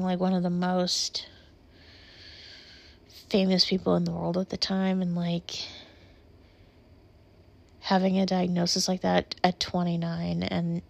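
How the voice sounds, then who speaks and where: A woman's voice: fairly low pitch, vocal fry. A young woman chatting casually to her camera, rambling with many filler words and near tears. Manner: rambling, lots of filler likes; emotional, on the verge of tears. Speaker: vlogger.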